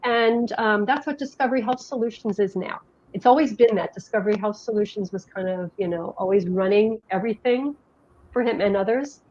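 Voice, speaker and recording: A woman's voice: medium pitch, brisk, darkish tone. Middle-aged jersey woman rambling through a story, chatty with lots of restarts, kinda dull lo-fi sound. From New Jersey. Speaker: guest, health education director. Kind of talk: conversational interview, storytelling.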